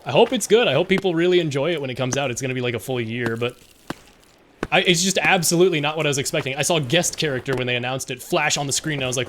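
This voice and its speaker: A man's voice: fairly high pitch, fast talker, fairly bright tone, a little hiss or hum. Rambling, self-mocking male streamer. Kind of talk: casual gameplay commentary.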